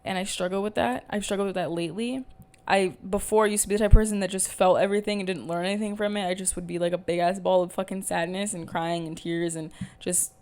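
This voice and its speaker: In a casual solo podcast recorded at home on camera, a young woman chats candidly and wanders off topic, using lots of fillers and swearing lightly. Her mid-range voice is steady, a little mellow, fast and nearly pause-free.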